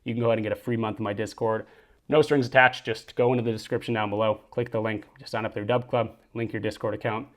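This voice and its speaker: A man hosting a sports betting picks show, running quickly through his bets and plugging promo codes. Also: level tone, darkish tone. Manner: brisk, upbeat sign-off pitches. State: out of breath. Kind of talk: fast betting picks rundown.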